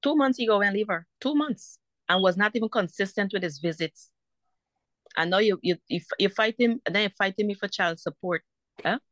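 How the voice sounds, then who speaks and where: A woman's voice: medium pitch, moderate pace, no echo. A woman, a mother caught in a custody dispute, telling her story in a heated, indignant way and repeating herself for emphasis. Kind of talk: emotional personal account.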